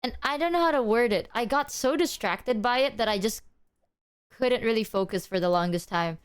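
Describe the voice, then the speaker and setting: Rambly, excitable young woman streamer. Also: fairly high pitch, moderate pace, clear, resonant tone. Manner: rambling, excitable, swears freely. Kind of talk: casual livestream chat.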